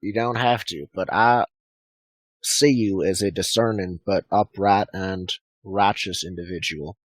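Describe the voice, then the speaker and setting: A man's voice: sits low, fairly even intonation, a little slow, dry recording. A man voicing a polite, upright male retainer who questions his lord carefully in a tabletop role-play game. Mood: deferential.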